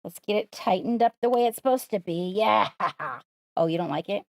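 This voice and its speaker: A woman's voice: medium pitch, animated, normal speed, no room sound, studio quality. A woman hosting a live stream, coaxing and praising her pet in playful sing-song talk. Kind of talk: live-streamed casual chat.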